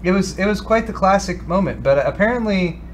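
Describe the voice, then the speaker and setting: A man co-hosts a casual tech chat with a fairly high voice, stumbling through plugs and announcements with many fillers and restarts. A faint hum sits under the recording. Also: animated, brisk. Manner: rambling, restarts with many ums and uhs. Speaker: co-host.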